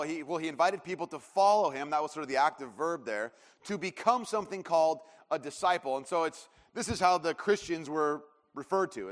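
A man in his thirties preaching a sermon, telling a story in a rambling way with lots of fillers and restarts. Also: a little high. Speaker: pastor. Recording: long hall reverb.

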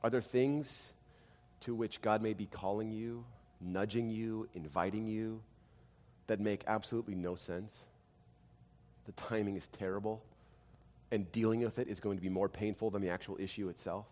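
A man in his thirties preaching a sermon, telling family stories, dropping to quiet and rising to loud. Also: on the low side, moderate pace. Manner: animated storytelling, swings from quiet to loud. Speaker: pastor. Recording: long hall reverb.

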